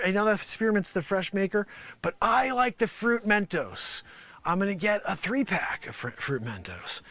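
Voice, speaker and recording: A man's voice: high voice, sharp tone, no room sound. A man doing an improvised comedic rant, exasperated and rambling. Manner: exasperated, rambling, repeats "freaking". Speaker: comedy performer.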